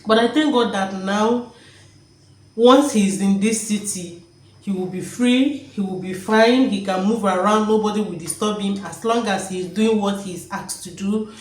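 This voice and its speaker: A woman's voice: mid-range voice, darkish tone, roomy sound, rough recording. A woman talking emotionally in a vlog at home, joyful and repeating her words. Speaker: vlogger. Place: home, indoors.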